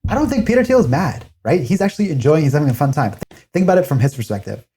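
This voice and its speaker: A man giving casual commentary, acting out quoted voices with big pitch jumps. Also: sing-song, rapid-fire, warm tone.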